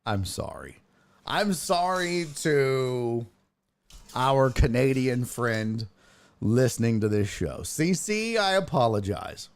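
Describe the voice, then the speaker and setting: Man, sports-talk stream host, very animated pitch, swears freely, riffs on chat. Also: takes it slowly. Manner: animated, profane, reads chat aloud and jokes.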